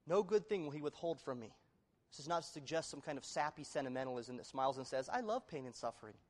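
A male pastor delivers a sermon in a slightly high voice, rising to loud, emphatic declarations and then sinking to hushed, earnest appeals. His words ring out with the long reverb of a large church hall. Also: expressive, fast talker. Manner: emphatic preaching that swings from loud exclamations to low, hushed appeals. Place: church sanctuary.

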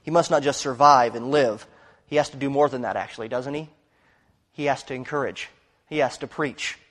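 A man preaching a sermon, telling a story earnestly and rising to loud emphasis. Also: mid-range voice, long reverb tail.

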